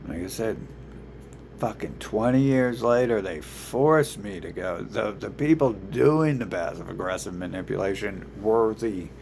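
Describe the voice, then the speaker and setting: A man's voice: lowish voice, gravelly, darkish tone, a little hiss or hum. A man ranting in a rambling, profane monologue, swearing constantly and restarting his sentences. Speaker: vlogger.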